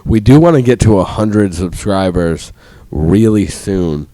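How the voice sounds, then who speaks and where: A young man co-hosting a podcast, a bit tipsy, telling rambling profane stories with sudden loud bursts. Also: low-pitched, expressive, measured pace, no room sound. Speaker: podcast co-host. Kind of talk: casual chat.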